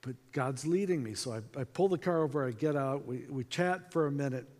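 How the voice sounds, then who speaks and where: A man in his sixties from North Dakota, telling a personal story to a conference audience with animated delivery and acted-out dialogue. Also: mid-range voice, brisk. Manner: animated, acts out quoted dialogue. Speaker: conference speaker. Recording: long hall reverb.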